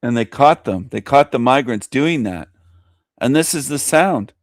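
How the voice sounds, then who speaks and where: A man's voice: medium pitch, lively intonation, unhurried, no echo, clean studio sound. A man hosting a talk show, ranting bluntly and scornfully with lots of profanity and repetition. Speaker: show host. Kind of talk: ranting commentary over clips.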